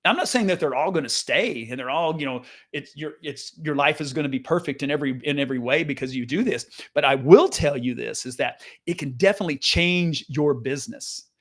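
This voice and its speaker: A man in his fifties with a fairly high voice speaks straight to camera like a business coach. He is earnest and lively, restarts his sentences often, and mimics the people he quotes. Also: a little fast, hardly any pauses. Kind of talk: casual motivational talk to camera.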